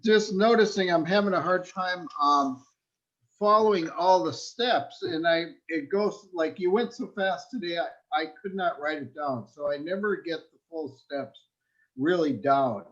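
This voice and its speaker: A man taking part in an online workshop, speaking hesitantly over a video call and halting with many fillers. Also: fairly high pitch, a bit bright. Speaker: workshop participant. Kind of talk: asking a question on a video call. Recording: dull lo-fi call audio.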